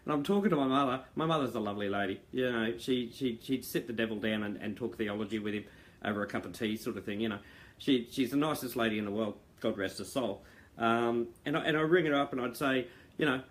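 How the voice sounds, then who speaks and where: A man's voice: mid-range voice, fast. Middle-aged man, earnest rambling talk to members over a video call, lots of fillers. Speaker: founder addressing members. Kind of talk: casual monologue to viewers. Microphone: video call mic.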